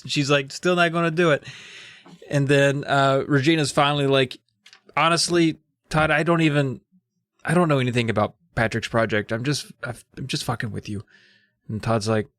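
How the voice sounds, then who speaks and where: A man's voice: mid-range voice, a little fast, a bit bright, no room sound, clean studio sound. A man co-hosting a comedy podcast, retelling a book chapter in a jokey, swearing, playful way. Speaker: podcast co-host. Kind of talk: casual comedic book recap.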